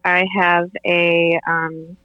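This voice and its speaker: A woman's voice: fairly low pitch, completely flat delivery, extremely slow, smooth, no room sound. A woman chatting as a podcast guest, chatty with many fillers, over muffled remote call audio. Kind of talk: casual chat.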